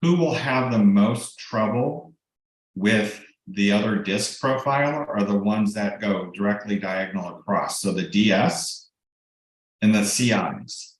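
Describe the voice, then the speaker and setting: A middle-aged man, a real estate broker and coach, giving a casual, explanatory team training with frequent ums and restarts over a video call. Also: fairly low pitch. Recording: very echoey room.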